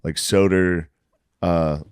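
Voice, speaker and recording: A man's voice: low voice, slow pace, clean tone, dry recording, studio quality. A man co-hosting a podcast, telling stories in casual banter, swearing and laughing often. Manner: animated storytelling, swearing, laughing. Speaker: podcast co-host.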